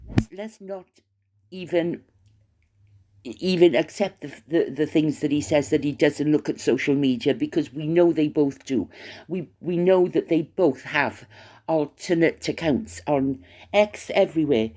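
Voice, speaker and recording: A woman's voice: sits low, unhurried, mellow. A woman giving an opinionated commentary monologue, scornful, with stammering restarts. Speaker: commentary vlogger.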